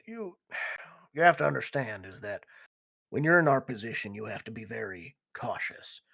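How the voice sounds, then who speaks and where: A game master voicing a stern, righteous male biker gang leader in a tabletop game, speaking in a measured, lecturing way. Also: mid-range voice, vocal fry, fairly bright tone, slightly rough, dry recording, voice pushed down, exaggerated voice. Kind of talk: tabletop role-play character voice.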